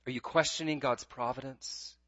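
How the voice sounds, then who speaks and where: A man's voice: mid-range voice, fairly even intonation, moderate pace, fairly bright tone, no echo. Earnest stammering male preacher, dull dry sound. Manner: earnest, pleading, with frequent stammered restarts. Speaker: pastor. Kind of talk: sermon.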